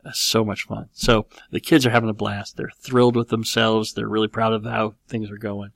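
A man in his forties, a show host and parent, telling a casual story in an animated, rambling way with many fillers and restarts. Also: fairly low pitch, normal speed, gravelly, no echo.

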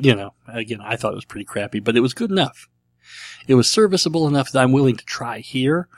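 A man's voice: medium pitch, dry recording. A middle-aged man hosting a casual solo show, rambling and self-deprecating, with a dry throat. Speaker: podcast host answering listener questions.

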